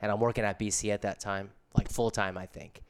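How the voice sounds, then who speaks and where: A man's voice: on the low side, steady tone, fairly quick, clear, resonant tone. A middle-aged man casually telling a story in laid-back, slangy surfer talk.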